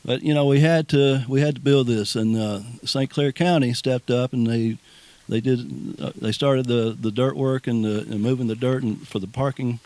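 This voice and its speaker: A man's voice: medium pitch, a little mellow, no room sound. A man giving a rambling, folksy speech of thanks outdoors, often repeating words and restarting. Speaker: speaker at a ribbon cutting. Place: outdoors at a nature preserve.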